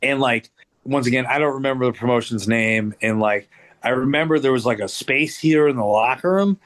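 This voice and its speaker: A man's voice: medium pitch, brisk, a bit bright. A middle-aged man, a guest wrestler, telling stories in casual podcast chat, laid-back and profane, full of "like".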